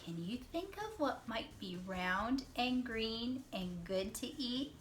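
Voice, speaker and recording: A female classroom teacher, her voice a little high with lively intonation, gives a reading lesson to young children. She talks slowly, stretches words to count syllables, praises responses, and occasionally whispers.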